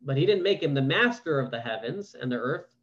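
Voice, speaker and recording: A man's voice: mid-range voice, lively intonation, brisk, fairly bright tone, dull audio. Man teaching a casual online scripture class. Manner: conversational, reads verses then asks questions aloud. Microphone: video call.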